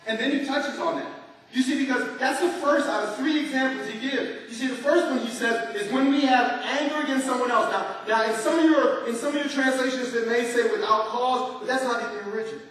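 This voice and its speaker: A man preaching a sermon as pastor, animated and leading his congregation in call-and-response. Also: high-pitched. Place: large church hall. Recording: echoey church hall from far off.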